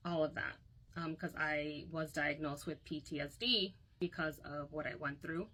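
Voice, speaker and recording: A woman's voice: sits low, fairly even intonation, moderate pace, bright, forceful tone, slight background noise, rough recording. A young woman recounting a painful personal story to her phone, candid and emotional, often quoting others.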